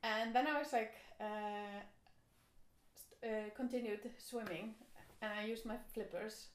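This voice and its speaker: A woman telling a rambling, animated story in casual chat, with plenty of fillers. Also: mid-range voice, a little slow, a little hiss or hum. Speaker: storyteller guest. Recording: echoey room.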